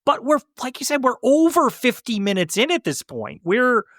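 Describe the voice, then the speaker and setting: A man's voice: very high voice, sing-song, moderate pace, fairly bright tone, no room sound, clean studio sound. A man co-hosting a movie podcast, recapping scenes in casual chat with plenty of fillers. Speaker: podcast co-host. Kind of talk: casual film-review chat.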